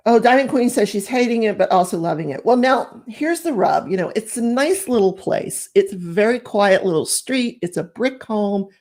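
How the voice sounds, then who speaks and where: A woman's voice: medium pitch, animated, moderate pace, hardly any pauses, darkish tone. Chatty middle-aged woman crafting live. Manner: chatty and rambling, reads viewer comments aloud, laughs often. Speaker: live stream crafting host. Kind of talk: casual live stream chat.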